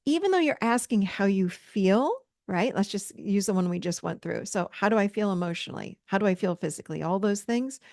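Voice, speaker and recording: A woman's voice: medium pitch, dry recording, clean studio sound. A woman hosting a self-help course, teaching with an encouraging, repetitive manner. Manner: warm, encouraging, repeats phrases for emphasis. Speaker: coach and course host.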